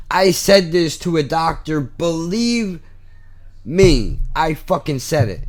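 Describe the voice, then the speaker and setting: A man's voice: a little high, expressive, slow. A young man hosting a podcast, ranting bluntly and heatedly with constant swearing. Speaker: podcast host. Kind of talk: ranting monologue.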